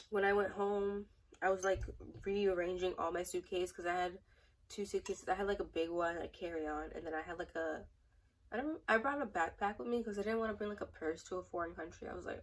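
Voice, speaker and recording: A woman's voice: fairly low pitch, steady tone, brisk, distant mic, poor audio. A young woman in a casual storytime vlog, rambling and chatty with many fillers. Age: young adult. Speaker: vlogger.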